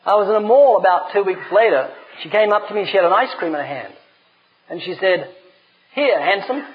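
A man's voice: high-pitched, fairly quick. A middle-aged man preaching a sermon, telling stories with humor and emphatic delivery. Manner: animated storyteller, emphatic. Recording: dull lo-fi recording.

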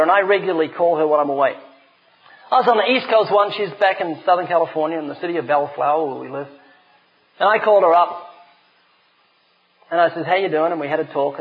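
Middle-aged male preacher, high-pitched and lively, on a muffled, lo-fi tape. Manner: animated storyteller, emphatic. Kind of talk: sermon with humorous anecdotes. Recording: dull lo-fi recording.

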